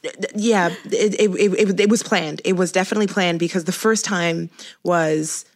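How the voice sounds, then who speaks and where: A woman's voice: lowish voice, fairly even intonation, a little fast, gravelly. A woman guest on a podcast, chatting casually and telling a long story with many restarts and stammers. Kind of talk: casual chat.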